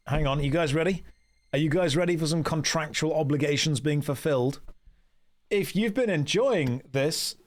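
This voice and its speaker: A British man chatting casually on a game stream, joking, mocking himself and reading out chat. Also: a little high. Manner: joking, self-mocking, reads chat aloud.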